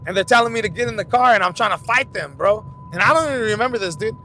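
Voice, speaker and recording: A young man who hosts a fight commentary channel tells loose, profane stories while driving, his talk rambling and full of restarts. He speaks at a quick pace with a sharp tone, and the vehicle rumbles underneath.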